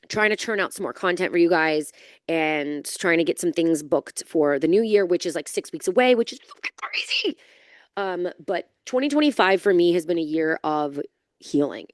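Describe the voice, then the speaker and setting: Brief: woman, 30s, podcast host, low-pitched, candid, swears and laughs a lot, dry close sound. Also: darkish tone, dry recording. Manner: candid, chatty, swears freely, laughs often. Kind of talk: casual solo podcast chat.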